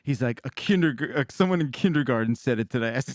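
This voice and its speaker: A man's voice: a little high, big pitch swings, brisk, hardly any pauses, no room sound, studio quality. A man co-hosting a casual podcast, telling rambling stories about his son with many restarts. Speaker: podcast co-host, father.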